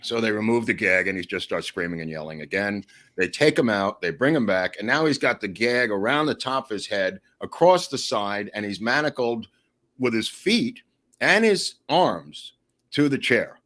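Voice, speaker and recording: A man telling a long story in a casual podcast chat, animated and digressive, often acting out the quotes he tells. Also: on the low side.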